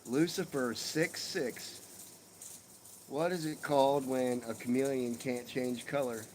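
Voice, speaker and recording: A man's voice: mid-range voice, steady tone, takes it slowly, a little mellow, a little hiss or hum, poor audio. Profane, joking middle-aged man. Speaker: live-stream host. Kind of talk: casual chat with viewers. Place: outdoors on a home porch.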